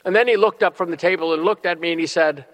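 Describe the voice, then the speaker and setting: In a large church hall with long reverb, a middle-aged bishop preaches a sermon in a bright, somewhat high voice. His delivery is earnest, built on slow, emphatic phrases.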